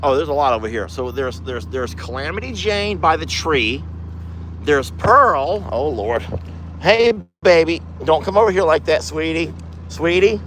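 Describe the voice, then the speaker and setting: Doting rancher with a lively voice. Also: male voice, a little high, normal speed, a little hiss or hum. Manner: doting, talks baby talk to animals. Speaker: ranch owner. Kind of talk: casual vlog narration. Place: outdoors on a ranch, in a side-by-side vehicle.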